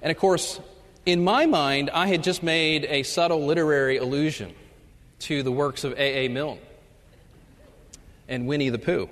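A male professor giving a humorous chapel talk, telling stories and acting out the jokes in loud voices. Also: fairly high pitch, fairly even intonation, moderate pace, long pauses. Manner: storytelling, acts out jokes with loud shouted voices. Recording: long reverb of a large hall.

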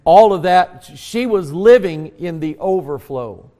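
A man's voice: high-pitched, lively intonation, a little slow. Preaching man in a reverberant church. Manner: preaching with rising emphatic bursts, then quiet prayer. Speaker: pastor. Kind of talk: sermon. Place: church sanctuary.

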